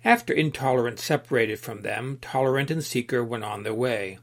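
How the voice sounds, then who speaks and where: Male narrator reading an allegory aloud, steady and even. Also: mid-range voice, brisk.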